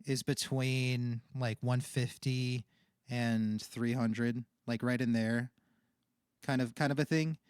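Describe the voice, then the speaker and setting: Male streamer, nasal, mid pitch, rambling and casual, very dry close studio mic. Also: clear, resonant tone, no echo. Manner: rambling, thinking aloud with restarts. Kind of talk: casual livestream talk about audio setup. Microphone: condenser studio microphone.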